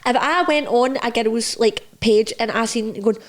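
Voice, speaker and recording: A young woman with a Scottish accent, co-hosting a podcast and telling lively stories full of acted-out quotes. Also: fairly high pitch, a little slow. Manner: lively storyteller, acts out quotes. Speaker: podcast co-host. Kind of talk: casual chat.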